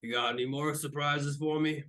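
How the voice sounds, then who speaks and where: A man's voice: fairly high pitch, fairly even intonation, moderate pace, fairly bright tone, natural voice. A man voicing a blunt, crude, towering male ship captain in a tabletop game, with curt judgments and swearing.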